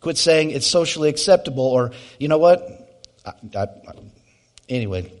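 Middle-aged guy preaching, slightly high voice, chatty storytelling sermon and prayer. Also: lively intonation, moderate pace. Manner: personal storytelling, conversational asides. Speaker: pastor.

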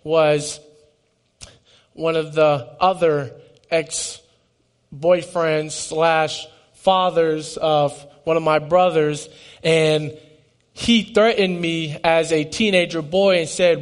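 A man in his twenties with a high, light voice shares his testimony in an earnest, emotional way. He often trips over his words and starts again. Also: steady tone, slow pace. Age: 20s. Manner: earnest and emotional, with frequent restarts. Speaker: speaker giving a testimony. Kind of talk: personal testimony talk.

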